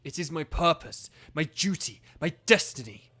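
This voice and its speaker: A man's voice: on the high side, lively intonation, normal speed, bright, forceful tone. A man reading a zealous middle-aged businessman villain aloud, in a solemn, self-justifying voice. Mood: solemn, grandiose.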